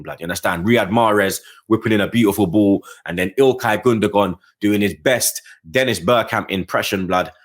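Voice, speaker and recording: A man giving a casual football match review, full of slang and constant asides to the listener, his voice jumping up on the points he cares about. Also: a bit bright. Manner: slangy, keeps adding "blood, you get me"; passionate, rising pitch on key points. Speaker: football fan channel host.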